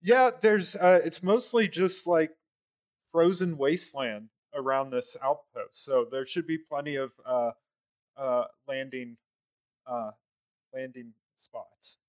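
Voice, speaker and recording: A man speaking in character at a tabletop game, with slow, halting radio-operator talk. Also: medium pitch. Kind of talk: in-character tabletop role-play. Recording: dull lo-fi sound.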